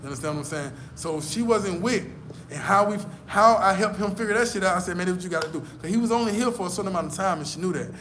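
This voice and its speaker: Brief: vlogger, emphatic and profane, a touch higher than usual, faint noise behind. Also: male voice, animated, fast, a bit bright. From United States. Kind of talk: casual storytelling rant.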